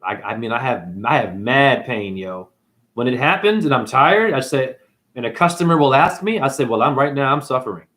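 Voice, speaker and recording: At a normal speed and with a somewhat bright voice, a livestream host rambles through a loose, slangy spiritual talk. When quoting people, he mimics them in high, mocking voices.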